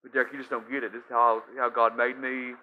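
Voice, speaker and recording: A man's voice: medium pitch, little pitch movement, fast talker, phone-quality sound, a little hiss or hum, lightly acted. A man voicing an imagined stressed-out listener who rattles off complaints in a breathless list. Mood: exasperated. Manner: rambling, complaining, breathless lists.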